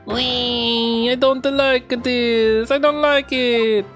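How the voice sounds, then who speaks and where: A man putting on a whiny high-voiced frightened crook. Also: fairly even intonation, very slow, a bit bright, faint music behind, exaggerated voice. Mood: scared whining.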